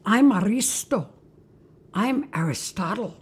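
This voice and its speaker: A woman's voice: medium pitch, lively intonation, slow pace, breathy edge, full character voice. A woman voicing a proud old male Greek philosopher in a spoken story, self-important and easily hurt. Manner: wounded, self-important questions.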